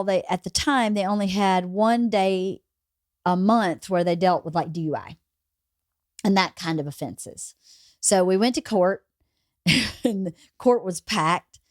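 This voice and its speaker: A woman hosting a podcast, telling a story in a lively, casual way and laughing as she goes. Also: mid-range voice, no room sound, studio quality. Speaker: podcast host.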